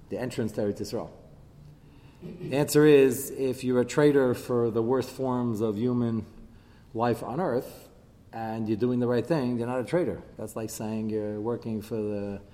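A man teaching a text-study class, animated, his voice jumping up whenever he quotes and chants verses. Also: on the low side. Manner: animated, voice leaping up when quoting and chanting verses. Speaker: Bible teacher. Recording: long hall reverb.

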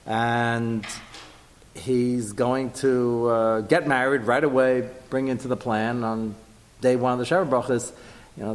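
A man giving a lively Torah class to a group, jumping his pitch up to act out quoted lines. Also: big-room sound.

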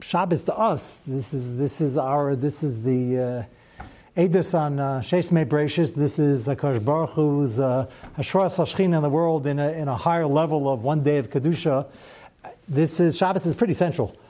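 A man's voice: fairly high pitch, moderate pace, mellow. Man teaching a conversational Torah class. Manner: conversational, rhetorical questions and wry asides.

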